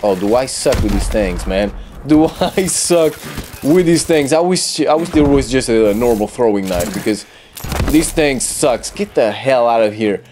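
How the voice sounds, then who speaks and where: A young man commentating his own gameplay, trash-talking opponents, swearing and bursting into excited yelps. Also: mid-range voice, measured pace, background noise.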